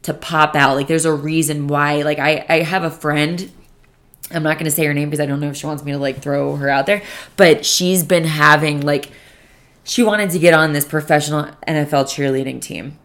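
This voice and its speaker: Low-voiced, cursing young woman podcaster. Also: fairly even intonation, normal speed, fairly bright tone. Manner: rambling and profane, with many "like" fillers. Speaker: podcast host. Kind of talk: casual solo podcast monologue. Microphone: podcast microphone.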